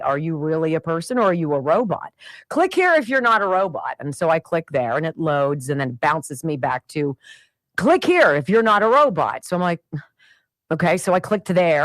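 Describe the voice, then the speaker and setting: A middle-aged woman hosting a radio show, telling a family story in an animated, exasperated way and acting out the voices of the people in it. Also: fairly low pitch, dry recording. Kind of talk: storytelling monologue.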